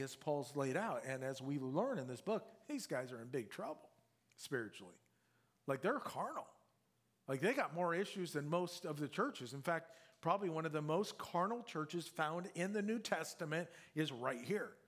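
A man with a slightly higher voice preaches a conversational sermon. He talks plainly and emphatically, pushing up loud on key words, then sinking to a soft, low delivery. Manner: conversational, emphatic, with lively swings from loud to quiet. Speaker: pastor.

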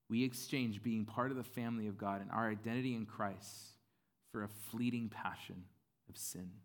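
Casual, conversational male pastor. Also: on the low side. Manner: casual, conversational preaching with fillers and playful acted-out voices. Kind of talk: sermon.

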